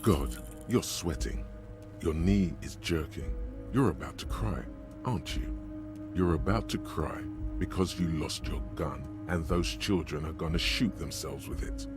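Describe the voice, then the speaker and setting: A blunt, contemptuous inner voice speaks in a video game. His voice is extremely deep and cutting. Game music plays clearly behind him. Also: expressive, unhurried. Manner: cutting, contemptuous, matter-of-fact. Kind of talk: game voice acting.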